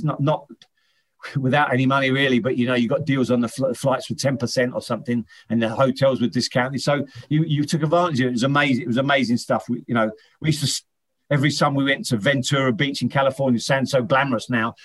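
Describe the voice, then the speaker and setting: A middle-aged man, a former footballer, chatting as an interview guest, telling rambling anecdotes with many restarts. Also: mid-range voice. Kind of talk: casual interview chat.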